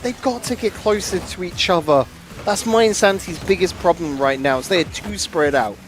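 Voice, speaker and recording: A man commentating a live esports match, quick to exclaim over big plays and replays, on a headset mic. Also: sits high, soft background music.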